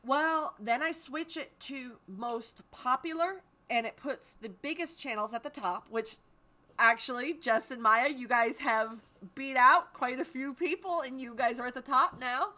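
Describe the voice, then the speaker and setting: A woman's voice: high voice, a little slow, pushed and bright. A woman hosting a live stream from home, chatting casually and greeting viewers by name. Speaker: livestream host.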